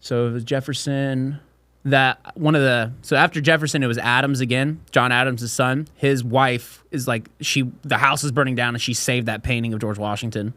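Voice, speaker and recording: A man's voice: mid-range voice, steady tone, moderate pace, bright, forceful tone, no room sound. A young man hosting a casual podcast, telling crude, rowdy stories and mimicking voices. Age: young adult. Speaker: podcast host.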